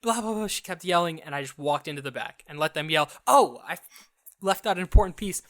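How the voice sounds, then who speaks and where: A young man co-hosting a podcast, telling a story in a casual, animated way and acting out the other people's lines. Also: on the high side. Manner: animated, acts out quoted dialogue; restarts and fillers, quick asides. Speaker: podcast co-host.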